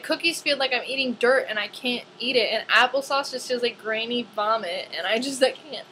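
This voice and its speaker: A young woman ranting casually to camera in a vlog, chatty and animated, with lots of "like". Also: fairly high pitch, a little hiss or hum, poor audio. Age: young adult.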